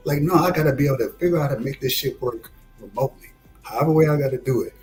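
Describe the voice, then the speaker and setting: A man's voice: very fast, soft background music, low-quality recording. A man from Detroit, animatedly telling a story in casual chat. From Detroit, USA. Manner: animated, acts out quotes with rising pitch. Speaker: discussion guest.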